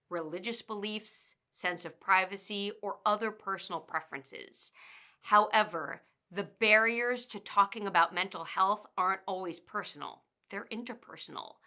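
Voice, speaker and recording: A woman who trains people in workplace communication, giving an instructional talk in a measured, explanatory way and working through lists point by point. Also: mid-range voice, bright, forceful tone. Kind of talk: instructional narration.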